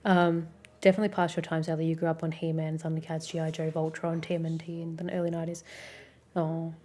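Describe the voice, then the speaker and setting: Low-voiced Australian woman streamer. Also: fast. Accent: Australian, Melbourne. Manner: relaxed and rambling, swears freely, many "like" fillers. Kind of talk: casual chat stream, reading viewer comments.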